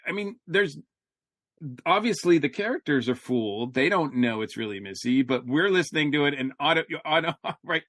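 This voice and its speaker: A man co-hosting a podcast in casual chat, talking haltingly with lots of fillers and restarts. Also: on the high side, animated, fairly bright tone, no room sound, studio quality. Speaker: podcast co-host.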